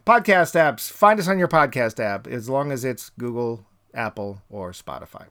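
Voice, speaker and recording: Lively, playful male podcast host. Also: medium pitch, moderate pace, clear, resonant tone. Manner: playful, jokey plugs with mock hype. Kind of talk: casual chat.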